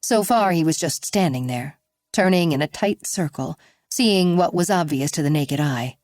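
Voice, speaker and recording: A woman narrating an audiobook in a measured, even reading. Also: sits low, no echo, clean studio sound. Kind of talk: scripted narration.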